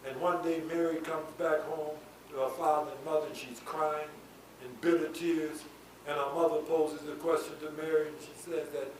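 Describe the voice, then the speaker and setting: High-voiced preacher man shouting in an echoey hall. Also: steady tone, brisk. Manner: swings from low asides to shouted, sing-song climaxes. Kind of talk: sermon. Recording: echoey hall from far off with faint noise.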